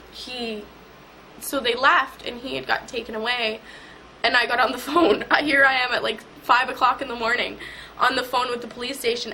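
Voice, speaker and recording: A young woman recounts a distressing personal experience in an interview, her voice slightly high and strikingly bright. She speaks haltingly, circling back over the same words. A faint hiss of noise sits under the recording. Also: poor audio. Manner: emotional, halting, repeats words.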